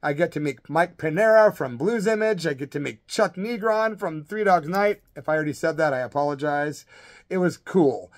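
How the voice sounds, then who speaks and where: A middle-aged man, a former rock musician, telling a rambling, animated story in a casual vlog. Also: fairly high pitch, moderate pace.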